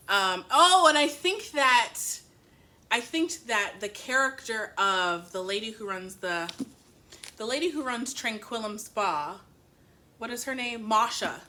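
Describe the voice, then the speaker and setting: Bright-voiced chatty woman reviewer. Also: medium pitch. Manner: rambling, chatty, self-interrupting; laughs easily. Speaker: book reviewer. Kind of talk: casual chat.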